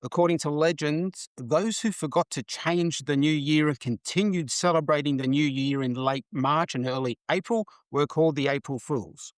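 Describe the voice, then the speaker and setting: Male podcast host, slightly high voice, dry close mic, chatty storyteller who laughs easily. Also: moderate pace, hardly any pauses, dry recording. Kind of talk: casual chat.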